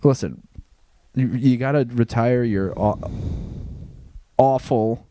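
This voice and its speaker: A man's voice: medium pitch, takes it slowly, warm tone. A man co-hosting a podcast in casual chat, blunt and sardonic, swearing freely. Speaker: podcast co-host.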